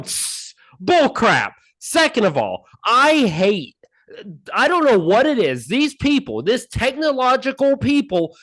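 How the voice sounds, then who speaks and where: A man co-hosting a casual podcast over a call, ranting in mock anger and airing grievances. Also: sits high. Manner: ranting, mock-angry, animated. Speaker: podcast co-host. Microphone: remote call mic.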